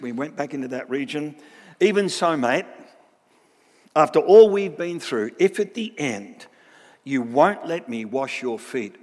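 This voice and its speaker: A plain-spoken male teacher, talking matily to an old friend, as a lecturer voices him. The voice sits a little high, and a long hall reverb hangs after each phrase. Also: close to an everyday voice.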